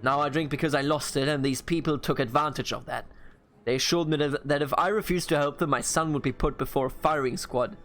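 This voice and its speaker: A man voicing a remorseful middle-aged drunkard father on trial, reading his lines in a pleading, halting way from a video game. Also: a little high, fairly bright tone.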